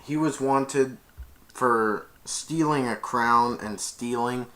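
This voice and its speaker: A man's voice: mid-range voice, slow, pushed and bright. A man casually retelling a film's plot, rambling and stringing each event together with "and then". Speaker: film reviewer.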